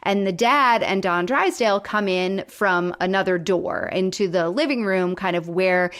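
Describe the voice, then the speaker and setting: Animated woman acting out a sitcom plot. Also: mid-range voice, measured pace. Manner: animated storytelling, acts out the characters' lines, laughs often. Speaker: podcast co-host. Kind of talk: casual chat recapping a sitcom episode.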